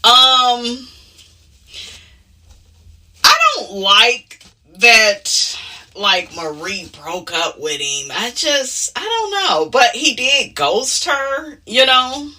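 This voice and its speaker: A woman's voice: fairly high pitch, very animated, very slow, pushed and bright, far from the mic. A woman talking casually as she recaps reality TV. She is sassy and outspoken and keeps dropping "honey" and "okay?" as asides. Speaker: reality TV commentator.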